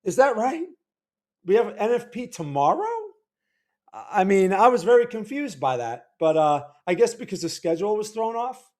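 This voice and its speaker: A man's voice: sits high, sing-song, normal speed. A man hosting a livestream, chatting casually with viewers in a worn, weak voice, rambling and stammering over his words. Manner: rambling, stammering, repeats words, greets chat viewers loudly. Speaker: livestream host.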